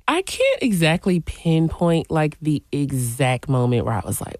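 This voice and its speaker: A woman in her late twenties, a DJ, guest on a radio show, talking in an animated, chatty way with playful asides. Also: low voice, measured pace, no echo, clean studio sound. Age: late 20s. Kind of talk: radio interview. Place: radio studio.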